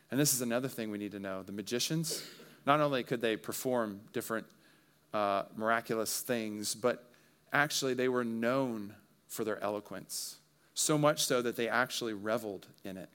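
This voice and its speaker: A man's voice: mid-range voice, smooth. A man preaching a sermon, walking through a Bible passage verse by verse with earnest explanation and everyday examples. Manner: earnest expository preaching with relatable asides. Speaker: pastor.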